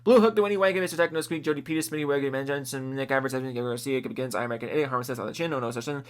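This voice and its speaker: Rapid-fire excitable man reading names. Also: medium pitch. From US, Seattle area. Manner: excitable, profane, laughing at his own slips. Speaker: YouTuber reading out supporter names. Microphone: close desk microphone.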